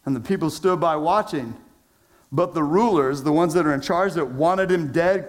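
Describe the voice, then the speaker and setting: Male pastor, slightly higher voice, laid-back slangy sermon delivery with big dynamic swings. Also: normal speed. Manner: casual, conversational preaching with slang; dramatic swings between loud emphasis and hushed low phrases.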